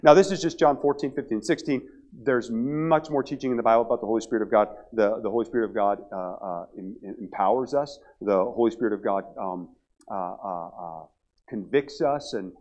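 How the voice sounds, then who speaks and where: Animated preacher man at a revival. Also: fairly low pitch, lo-fi sound. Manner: animated preaching, with acted quotes and asides to the congregation. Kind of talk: revival sermon. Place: church.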